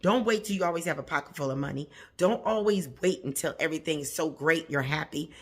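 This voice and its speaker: A woman who runs a plant channel talks to her viewers in a casual, encouraging way, often chuckling mid-sentence and repeating phrases for emphasis. Her voice is deep and breathy-edged, and she speaks at a quick pace.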